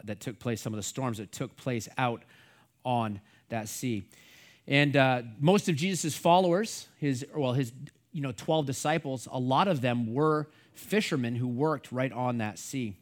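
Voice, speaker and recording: A man's voice: medium pitch, measured pace. A middle-aged man from the United States, a pastor teaching the Bible in a casual, rambling way full of fillers and asides.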